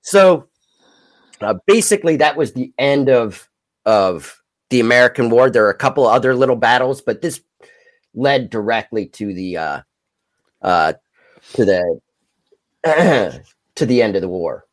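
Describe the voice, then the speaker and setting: A man's voice: mid-range voice, expressive. Man rambling through history on a podcast. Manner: rambling, halting with fillers. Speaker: podcast host. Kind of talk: casual history talk.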